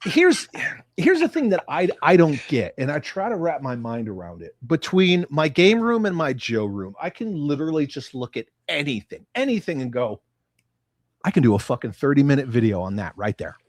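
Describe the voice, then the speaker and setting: A blunt American man hosts a livestream from his room, reading chat aloud and cursing freely. His pitch swings widely while he talks. The sound is dry and close. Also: wildly swooping pitch, moderate pace, no room sound. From United States. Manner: profane, blunt, ranting. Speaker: livestream host.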